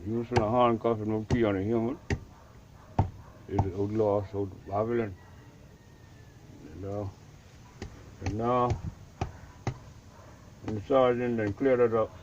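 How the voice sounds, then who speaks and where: A man's voice: lowish voice, fairly even intonation, a little slow, long pauses. An older man with a Bahamian accent, a Rastafarian elder telling a story from his life in a vivid, dramatic way and acting out the voices of the people in it. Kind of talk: storytelling in an interview. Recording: dull lo-fi recording with clear background noise.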